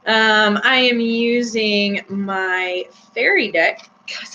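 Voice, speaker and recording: A woman hosts a casual tarot reading on a live stream, chatting and giggling with lots of fillers. Her mid-range voice is bright and forceful, and she speaks very slowly. The recording sounds slightly dull, with a faint hum.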